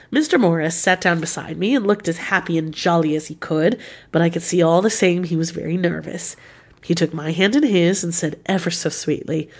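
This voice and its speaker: A woman reading a novel written as letters aloud, with a lively, confiding, expressive delivery. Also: on the low side, slightly rough. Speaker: audiobook reader.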